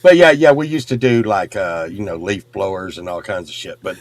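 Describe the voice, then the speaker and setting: A middle-aged man telling a rowdy story in casual chat, swearing and loudly acting out the people in it. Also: low voice, brisk, a crowd in the background. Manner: animated, swearing, acts out quotes loudly. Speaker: podcast host.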